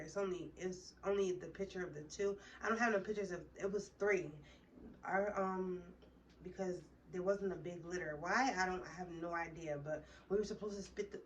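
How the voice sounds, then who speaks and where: Young woman vlogger, lowish voice, swears freely while telling a casual story, recorded from a distance. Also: lo-fi sound. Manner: profane, rambling storytelling. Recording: distant mic with faint room noise.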